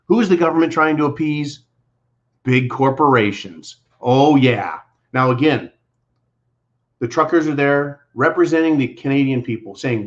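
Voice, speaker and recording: A man's voice: medium pitch, lively intonation, moderate pace. A man hosting a political commentary show, talking in a blunt, combative, sarcastic way. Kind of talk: angry monologue to viewers. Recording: dull lo-fi audio.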